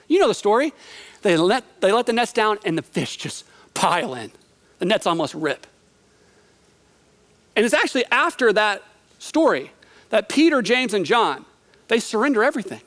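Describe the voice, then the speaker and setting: A man's voice: high-pitched, sing-song, normal speed, long pauses, a bit bright. A man preaching a sermon, retelling a Bible story vividly and conversationally, asking the listener questions. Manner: storytelling, vivid, acts out quotes.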